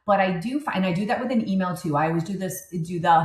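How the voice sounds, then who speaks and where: A woman in her fifties co-hosts a podcast in easy, candid chat, spinning stories with plenty of asides. Her voice sits a bit low. The room around her rings noticeably. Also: fast talker. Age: 50s. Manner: candid, animated storytelling with asides. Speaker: podcast co-host. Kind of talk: casual chat. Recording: echoey room.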